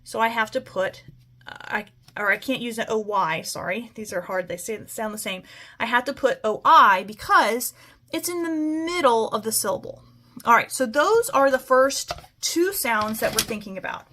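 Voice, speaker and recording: Woman teacher, spelling lesson, patient step-by-step explaining, fairly high voice. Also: animated, sharp tone, a little hiss or hum. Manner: patient, slow and explanatory, checks in with "okay?".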